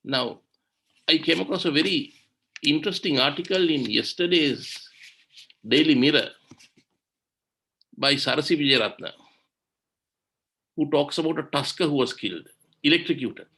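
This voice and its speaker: A man's voice: fairly high pitch, moderate pace, long pauses, bright, forceful tone. A man giving an impassioned webinar talk on environmental law, indignant and full of rhetorical questions, over a video call. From Sri Lanka.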